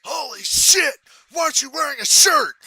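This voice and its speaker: A man doing an impression of a furious, foul-mouthed middle-aged father who shouts in sudden bursts. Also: extremely high pitch, lively intonation, takes it slowly, creaky, no room sound, pitched above the performer's own voice, full character voice. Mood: ranting. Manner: shouting and swearing in explosive bursts.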